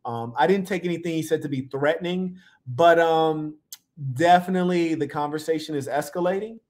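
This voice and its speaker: A man's voice: fairly high pitch, a little fast, a little mellow. A man hosting a live reaction stream, talking in a laid-back, playful, slang-heavy way. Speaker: livestream host. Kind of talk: casual live reaction commentary.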